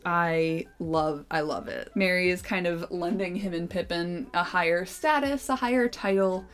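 A young woman reading a novel aloud and breaking off for gushing, giggly casual commentary. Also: on the low side.

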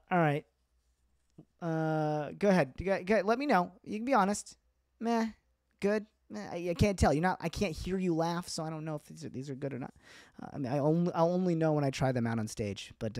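A man's voice: mid-range voice, a little mellow, no room sound, studio quality. A man doing a comedian's casual stand-up bits on a livestream, rambling and self-deprecating, laughing at his own jokes. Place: indoors, livestream.

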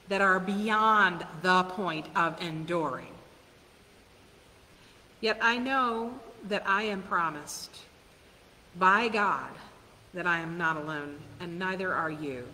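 A woman pastor preaching a sermon in a church, earnest and questioning, with soft laughs now and then. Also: on the low side. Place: church sanctuary. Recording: hiss and long church reverb.

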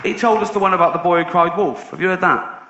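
A man's voice: high voice, fast, highs cut off, crowd noise, noisy background. Sardonic male stand-up comic. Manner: sardonic storytelling with casual swearing. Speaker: stand-up comedian. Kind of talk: stand-up routine. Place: live stage show.

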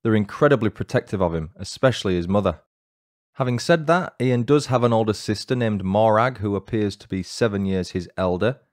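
A man's voice: on the low side, a little fast, darkish tone, no echo. A man hosting a true-crime podcast, reading a scripted narration with dry, lightly joking asides. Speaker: podcast host.

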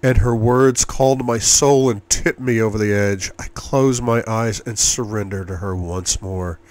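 A man narrating an audiobook in the first person, with an intimate and measured reading. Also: lowish voice, a little mellow, dry recording. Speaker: audiobook reader.

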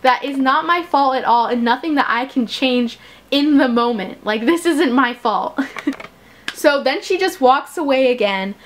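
A teenage girl casually retelling a school story, chatty and animated, acting out the quotes with exasperation. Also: fairly high pitch, a little hiss or hum. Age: teens.

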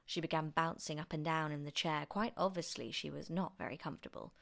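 A woman reading a children's book aloud as an expressive storyteller. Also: deep voice, a little fast, gravelly, hardly any pauses. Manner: expressive, animated narration.

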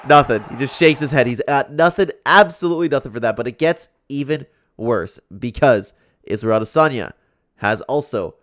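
A man's voice: medium pitch, normal speed, fairly bright tone. A young man, a YouTube commentator, reacting to fight clips in casual chat, laughing often and filling his talk with "like". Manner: chatty, laughs often, lots of "like".

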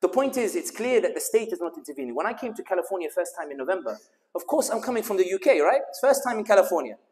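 A man's voice: sits high, very animated, quick pace, darkish tone, long reverb tail. A man with a London accent giving a speech at a community dinner, mixing rousing rhetorical questions with humorous storytelling. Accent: London English. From United Kingdom. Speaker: guest speaker.

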